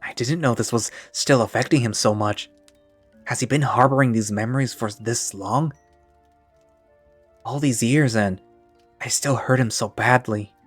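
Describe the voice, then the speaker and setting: A young man weighed down by shame, his thoughts halting and self-reproaching, as a male narrator plays him. The recording is dry, with faint music under it. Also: mid-range voice, breathy edge, no echo. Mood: guilty. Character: guilt-ridden young man, unsure and ashamed. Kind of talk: one-man audio drama.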